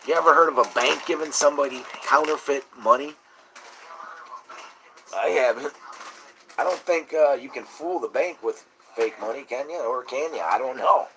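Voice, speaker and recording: A man's voice: medium pitch, moderate pace, a little hiss or hum. A man telling a long, profane, indignant story in casual talk. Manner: indignant, profane, rising to shouting. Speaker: host.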